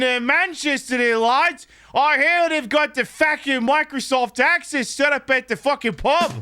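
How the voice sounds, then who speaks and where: A man's voice: very high voice, voice pushed up, full character voice. A man putting on a rowdy British pub lad. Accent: put-on British, drifting Australian. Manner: loud, profane, bawdy.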